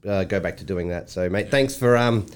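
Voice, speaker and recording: Aussie bloke co-hosting, lowish voice, teasing, keeps things moving. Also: male voice, normal speed, clean tone. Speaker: podcast co-host. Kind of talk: casual podcast chat.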